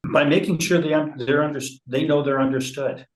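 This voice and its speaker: A man speaking in an interview about conflict resolution, slow and measured, with frequent fillers and restarts. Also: fairly high pitch, steady tone, reverberant, poor audio. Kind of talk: relaxed interview talk.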